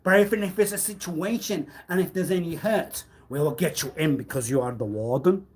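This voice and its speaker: A man on a live stream delivering a rambling, accusatory monologue, swinging between loud outbursts and low muttering. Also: brisk, husky. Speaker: livestreamer.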